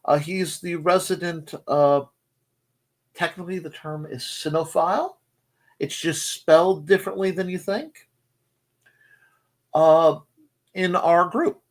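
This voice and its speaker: A man's voice: high-pitched, expressive, takes it slowly, pauses often. A man hosting a casual live morning stream, rambling through chat greetings with jokey, self-deprecating asides. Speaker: host of a live morning show.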